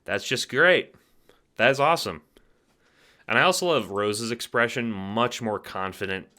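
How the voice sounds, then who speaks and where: A man's voice: mid-range voice, measured pace, sharp tone. A man casually reviewing fan art, enthusiastic and rambling, swearing freely, sleepy late at night. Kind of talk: casual commentary.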